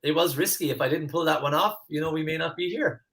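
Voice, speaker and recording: A man hosting a live online masterclass as a mentor, earnest and animated, often repeating words as he starts a phrase. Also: fairly high pitch, fast talker. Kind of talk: live online coaching class.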